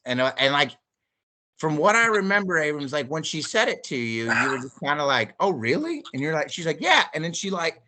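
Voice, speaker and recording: Male comedian co-host from St. Louis, bright voice, loose rambling delivery with lots of profanity. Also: a little high, fairly quick, slight background noise. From St. Louis, USA. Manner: rambling storyteller, animated quoting, swears freely. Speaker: podcast co-host, stand-up comedian. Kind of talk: casual chat.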